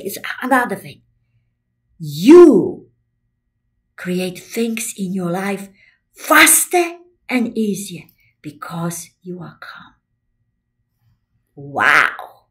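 A woman speaks slowly in a high voice, talking through a casual motivational self-help piece. She repeats herself often and swings from hushed, almost whispered phrases to excited, animated peaks. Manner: lively, repetitive, swoops between soft and excited. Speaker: self-help video host.

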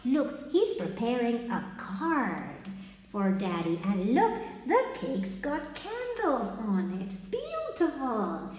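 A woman's voice: a little high, huge pitch swings, slow, darkish tone. A young woman, a children's English teacher reading a story aloud in a sing-song, coaxing way that invites the kids to join in. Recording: very echoey room with long reverb.

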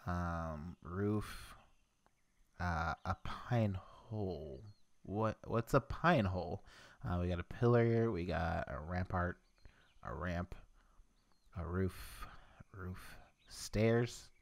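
Low, slow-talking young man playing a game. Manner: rambling, muttering to himself, chuckling. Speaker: gameplay commentator. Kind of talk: let's play commentary.

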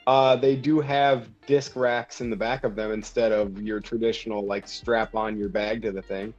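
Laid-back Minnesotan man, mid-pitched, slightly muffled audio with faint music. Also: level tone, normal speed, darkish tone. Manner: easygoing, laughs often. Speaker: podcast co-host. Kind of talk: casual chat. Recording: slightly dull, music behind.

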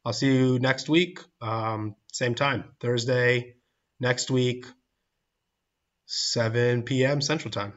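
A man's voice: mid-range voice, fairly even intonation, slow, fairly bright tone. A man hosting a livestream, chatting loosely, laughing often as he reads out viewer comments. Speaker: livestream podcast host. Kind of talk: casual livestream chat. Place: church building. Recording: dull lo-fi stream audio.

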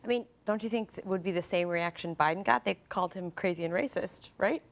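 A woman's voice: lowish voice, vocal fry. A woman who is a comedy writer and performer, trading sardonic banter as a panel guest. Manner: sardonic, quick to needle.

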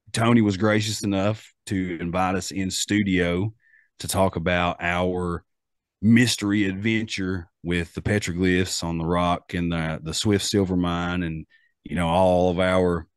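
A man's voice: low-pitched, no room sound, clean studio sound. A man with an Appalachian accent hosting a podcast in casual, rambling chat full of fillers and restarts. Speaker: podcast host.

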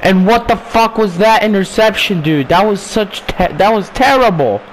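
A young man talking over a football video game, frustrated and swearing, with bursts of yelling. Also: high voice, animated, moderate pace, slight background noise. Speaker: gaming streamer. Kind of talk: casual gameplay commentary.

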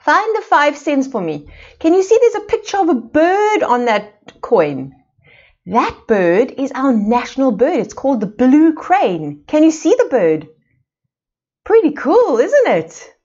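A woman from South Africa teaching small children in an online playschool lesson, asking slow, sing-song questions. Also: high-pitched, very animated, a little mellow, highs cut off. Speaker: preschool teacher.

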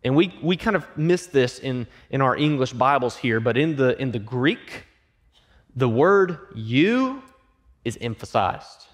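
A man pastor preaching a sermon, acting out quoted voices and dropping to hushed, emphatic lines. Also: mid-range voice, sing-song, unhurried. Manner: acts out quoted voices and asks the congregation questions.

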